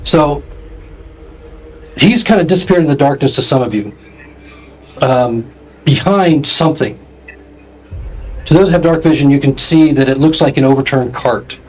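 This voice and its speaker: A man running a tabletop game as game master, describing scenes at length with frequent pauses. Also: mid-range voice, low-quality recording.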